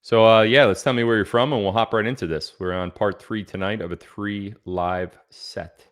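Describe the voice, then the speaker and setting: A man's voice: fairly low pitch, fairly even intonation, moderate pace, clear, resonant tone. A man hosting a casual livestream, chatting loosely and reading out where viewers are from. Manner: chatty, reads out viewer locations. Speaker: livestream host.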